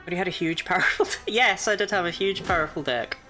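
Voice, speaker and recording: A woman's voice: lowish voice, quick pace, pushed and bright, soft background music. A woman with a New Zealand accent, thinking aloud and swearing casually as she streams a card game. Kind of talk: casual gaming commentary.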